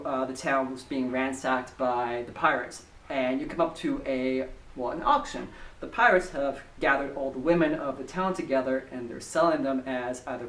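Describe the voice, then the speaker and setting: A man sending in a recorded story to a podcast, telling it in a chatty, animated way. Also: medium pitch, far from the mic. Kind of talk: casual storytelling voice message. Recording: echoey room, voice away from the mic.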